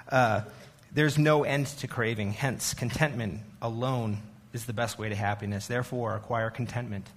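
A man speaking to a church congregation in a loose, chatty way, stopping for fillers and starting sentences over. His pitch sits in an ordinary middle range for a man, and his tone is relaxed and self-deprecating rather than preachy. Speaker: church arts director giving a message. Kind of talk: casual sermon talk.

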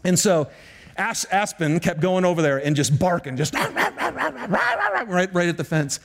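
A man's voice: on the high side, normal speed. A middle-aged male pastor preaching a sermon, telling stories with animation and often turning to speak to the congregation.

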